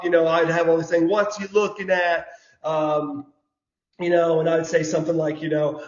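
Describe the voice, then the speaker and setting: A man, telling stories casually as an interview guest, animated and prone to repeating words. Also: on the high side, normal speed. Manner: animated storyteller, says "brother", repeats words. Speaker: guest, former wrestler. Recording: dull lo-fi audio in an echoey room.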